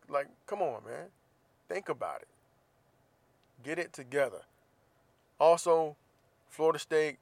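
A man's voice: mid-range voice, moderate pace, long pauses, smooth, no room sound. A man hosting a casual solo podcast, venting bluntly and profanely about college football. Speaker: podcast host.

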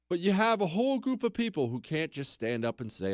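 Emphatic talk radio host, dry studio sound. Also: male voice, very animated, a little fast, few pauses, dry recording. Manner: emphatic, swings between loud exclaiming and low muttering.

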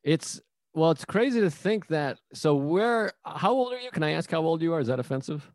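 Relaxed man in his thirties hosting. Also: a little high, moderate pace, no room sound, studio quality. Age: 30s. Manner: relaxed, musing, asks follow-up questions. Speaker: podcast host. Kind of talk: casual podcast interview.

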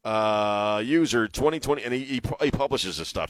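A man's voice: mid-range voice, animated, normal speed, fairly bright tone, no room sound. Give me a middle-aged male talk radio host who stammers and repeats himself, dry studio mic. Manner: stammering, repeats words, chuckles. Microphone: studio microphone.

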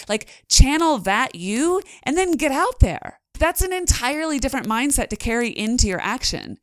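A woman's voice: a little high, dry recording, studio quality. A woman hosting a podcast, talking earnestly about mindset and acting out the inner voices her listeners might hear. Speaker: podcast host. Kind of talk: motivational podcast monologue.

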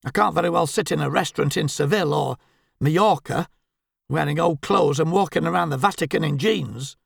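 A man's voice: on the high side, fairly quick, creaky, no room sound, studio quality. A man voicing a bossy, fussy middle-aged wife who scolds in a prim, censorious way. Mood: scolding.

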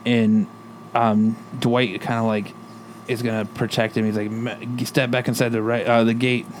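A man's voice: medium pitch, little pitch movement, normal speed, slight background noise. Casual profane man recapping a show. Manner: loose, profane retelling with quoted lines. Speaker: podcast co-host recapping a TV episode. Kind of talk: casual chat.

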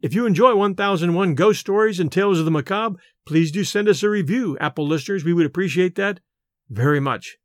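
A man reading a classic ghost story aloud in a measured, expressive way and hosting the show. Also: sits high, dry recording, studio quality. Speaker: narrator and podcast host.

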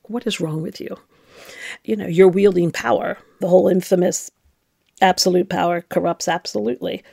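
A woman's voice: lowish voice, fairly even intonation, moderate pace, gravelly, dark tone, breathy edge, no echo, clean studio sound. A middle-aged woman, a former nun, telling her own story in a candid, reflective and emphatic way. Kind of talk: personal storytelling.

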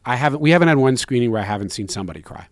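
A man's voice: medium pitch, lively intonation, racing, no echo. A man, a filmmaker guest, speaking earnestly, rambling through many restarts and fillers. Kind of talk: conversational interview answer.

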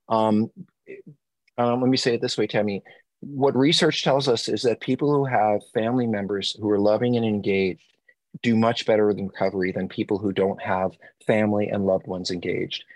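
A man's voice: mid-range voice, no echo. A man co-hosting an advice podcast as a therapist, talking earnestly and speeding up when he stresses a point. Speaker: podcast co-host, addiction therapist.

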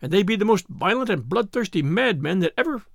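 A man's voice: sits high, expressive, a little fast, gravelly, dry recording, clean studio sound, full character voice. A man voicing a humble peasant who pleads fawningly with a lord in an old-fashioned storybook tale. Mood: pleading.

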